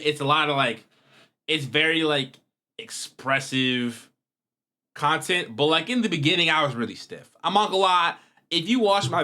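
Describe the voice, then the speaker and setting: A young man hosting a reaction video, talking casually to his viewers in a rambling, slangy way. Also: medium pitch. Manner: rambling, slangy, animated with wide swings in loudness.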